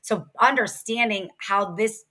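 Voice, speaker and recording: Woman in her 30s from ohio, bright forceful voice, chatty podcast guest talking fast and easy. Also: mid-range voice. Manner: energetic, quick, chatty with laughs. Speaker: podcast guest, sales expert and author. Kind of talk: casual interview chat.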